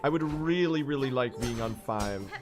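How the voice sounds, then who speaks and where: A young man talks his way through a livestreamed speedrun in a mid-pitched, casual voice. He jokes with his chat, swears freely and breaks into excited shouting when the run gets tense. Music plays clearly behind him. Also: moderate pace. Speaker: streamer. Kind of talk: casual livestream commentary while gaming.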